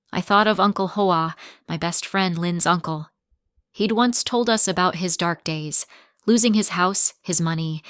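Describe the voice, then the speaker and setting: A woman reads a first-person story with steady, dramatic pacing. Her voice sits on the low side, and the sound is close and dry with no room around it. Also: clear, resonant tone, no room sound.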